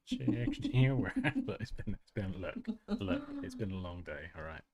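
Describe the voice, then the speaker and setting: A man with a fairly low voice talks through a design tutorial on a live stream. He is chatty and self-mocking and breaks into laughs between steps, speaking close to a desk mic. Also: wildly swooping pitch, moderate pace, a crowd in the background. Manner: chatty and self-mocking, laughs often, reads out chat comments. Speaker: design tutorial livestream host. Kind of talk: casual live tutorial chat.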